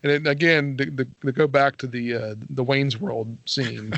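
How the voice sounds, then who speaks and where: A man's voice: mid-range voice, little pitch movement, moderate pace, gravelly, a bit bright, no echo. A man co-hosting a casual film discussion, rambling with frequent restarts and repeated words. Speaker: film club co-host.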